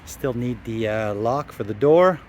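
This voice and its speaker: In his garage workshop, a man restoring a classic car talks casually to the camera for a workshop vlog, easygoing and rambling with lots of fillers and a dry, sarcastic streak. His medium-pitched voice is animated but unhurried, with a little hiss or hum on the recording.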